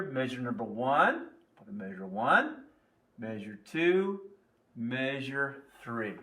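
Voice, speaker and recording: A man's voice: a little high, fairly bright tone. A man teaching a music lesson on video, playful and quizzing, chanting rhythm syllables as he counts beats.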